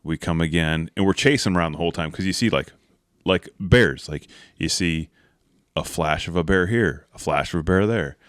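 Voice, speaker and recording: A podcast host with a low voice, moderate pace, and studio-quality sound with no room noise tells a hunting story. He rambles casually, full of "like" and "right?", and acts out the people in it.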